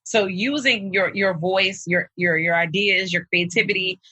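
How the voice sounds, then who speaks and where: Female host, bright and slightly husky tone, thoughtful recap style. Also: medium pitch, moderate pace, dry recording, poor audio. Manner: reflective, summarizing the guest's points with restarts. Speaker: podcast host. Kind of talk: interview conversation.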